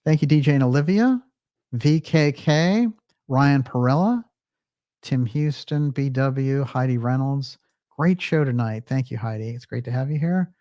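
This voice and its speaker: Guy hosting a stream, reading out viewer comments, relaxed chatty tone, mid pitch, dry sound. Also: a little slow, no room sound. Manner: chatty, reads viewer comments aloud with frequent fillers. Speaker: livestream host. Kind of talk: casual livestream sign-off.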